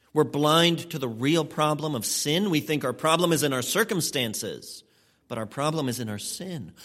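A man's voice: fairly high pitch, fairly bright tone. Emphatic male pastor preaching a sermon. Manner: emphatic preaching, speeds up and slows down for stress.

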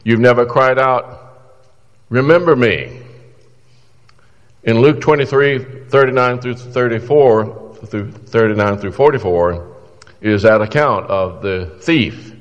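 A man's voice: medium pitch, measured pace, in a large hall, highs cut off. A man preaching a sermon in an earnest, exhorting way, pleading with his listeners through questions.

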